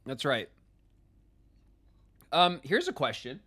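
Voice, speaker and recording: A man's voice: fairly high pitch, wildly swooping pitch, takes it slowly, sharp tone, husky. An American man chatting casually on a live game stream, rambling with plenty of filler words. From United States. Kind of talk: casual live-stream chat while gaming.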